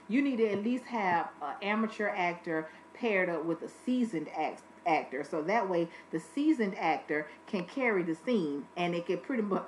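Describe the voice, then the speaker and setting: A woman's voice: fairly low pitch, slight background noise, low-quality recording. A woman giving a casual, blunt and profane review of a reality TV episode from her home recording space. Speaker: reality TV recap vlogger.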